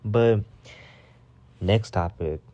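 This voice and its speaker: Male vlogger, low mellow voice, dry close sound; profane storytime rant, animated. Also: extremely slow, dry recording, dull audio. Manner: profane, animated, repeats himself for emphasis.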